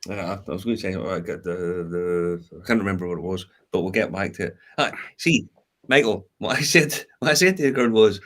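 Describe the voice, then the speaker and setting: A man's voice: low-pitched, a little fast, fairly bright tone. A man chatting casually as a podcast co-host, telling stories with plenty of laughs and swearing. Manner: laughing storyteller, swears freely. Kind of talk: casual chat.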